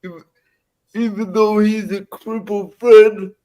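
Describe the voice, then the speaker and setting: Slow, high-voiced blunt man. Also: level tone, mellow, rough recording. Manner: blunt, profane. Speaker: guest co-streaming. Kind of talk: casual live stream chat.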